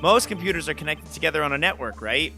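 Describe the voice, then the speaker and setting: A man's voice: a little high, animated, fast, gravelly, bright, forceful tone, soft background music. A man reading video game dialogue aloud in a dry, slightly sardonic way for a let's play.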